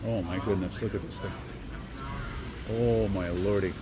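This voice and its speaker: A man's voice: sits low, fairly even intonation, unhurried, a crowd in the background. A man rambling chattily as he walks city streets at night, filming on a handheld camera. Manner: rambling, chatty, easily amused. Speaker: vlogger host. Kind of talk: casual walking vlog. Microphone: handheld camera while walking. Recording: noisy street outdoors.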